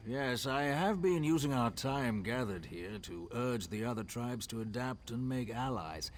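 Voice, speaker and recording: A man playing a solemn tribal elder who speaks in grave, formal phrases and gives counsel to a traveler. The pitch sits in a middle register, and soft ambient noise hums faintly behind the game dialogue. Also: expressive, measured pace, close to an everyday voice.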